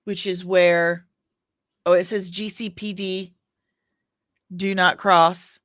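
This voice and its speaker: A woman hosts a casual pop culture news show and talks at an unhurried, slow pace. She is chatty and drifts into personal asides as she reads viewer comments aloud. The recording is dry and close, with no room sound. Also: fairly low pitch, level tone, a bit bright, no echo. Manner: chatty, rambling asides with laughs.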